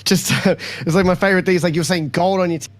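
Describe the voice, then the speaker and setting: A man in casual podcast chat, telling stories in a relaxed way and laughing through his anecdotes. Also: high-pitched, fast talker, dry recording. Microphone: studio podcast mic.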